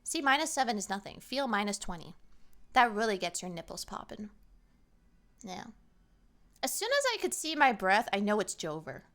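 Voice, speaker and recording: A young woman streamer chatting casually with her chat, lively and animated, sometimes acting out what people say. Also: mid-range voice, moderate pace, pauses often.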